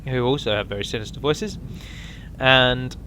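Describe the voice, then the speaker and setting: A man's voice: mid-range voice, moderate pace, pushed and bright, slight background noise. A man giving a casual, rambling walkthrough of a strategy game mod, with frequent ums and restarts.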